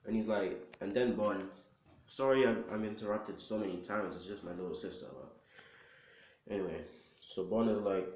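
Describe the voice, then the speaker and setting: A man's voice: fairly low pitch, fairly even intonation, moderate pace, darkish tone, husky. Young guy making up a fan story as he goes, slangy, keeps correcting himself, kinda dull home mic. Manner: rambling, slangy, self-correcting. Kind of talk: casual improvised storytelling.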